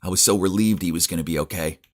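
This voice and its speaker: A young man giving earnest, emotive first-person narration for an animated story. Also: low voice, quick pace.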